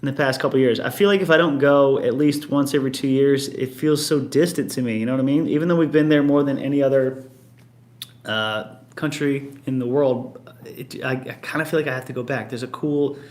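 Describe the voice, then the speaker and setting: A man's voice: medium pitch, steady tone, fairly quick, darkish tone. A man in his early thirties, a band member hosting a casual live-stream Q&A from his apartment, rambling easily and reading out viewer comments. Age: early 30s. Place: at home in an apartment.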